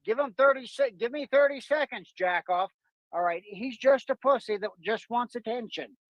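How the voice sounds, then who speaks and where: A man in his forties calling into a live stream, hurling profane, repetitive insults in slow, drawn-out taunts. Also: very high-pitched, fairly bright tone, no echo, highs cut off. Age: 40s. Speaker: caller. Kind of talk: heated argument on a live stream.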